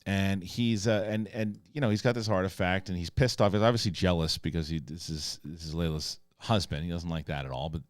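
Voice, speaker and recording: A man hosting a casual show, excitedly retelling scenes in a rambling way full of restarts. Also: sits low, fairly quick, hardly any pauses, dry recording, clean studio sound. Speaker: show host reviewing a TV episode. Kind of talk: casual spoken review.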